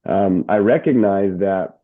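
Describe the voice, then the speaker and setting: A middle-aged man, a motivational speaker and coach, telling his story as an interview guest, animated and restarting his words often. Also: deep voice, unhurried. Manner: animated, stumbling restarts and word repeats. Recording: tinny phone-like line.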